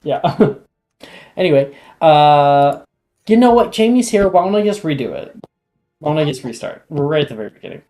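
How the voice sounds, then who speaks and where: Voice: medium pitch, very animated, normal speed, mellow. A game master narrating a tabletop game in a casual, rambling way. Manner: casual, rambling with fillers and laughs.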